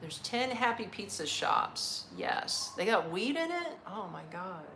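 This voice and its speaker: This American woman, middle-aged, is a vlogger chatting with viewers on a live stream, blunt, laughing, and swearing without restraint. Her mid-range voice swings widely in pitch and sounds a bit bright, moving at a measured pace over slight background noise.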